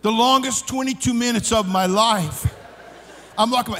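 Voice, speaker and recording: A man preaching at a youth conference, telling a comic story with shouts and laughs. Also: very high-pitched, moderate pace. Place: large conference hall. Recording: long hall reverb.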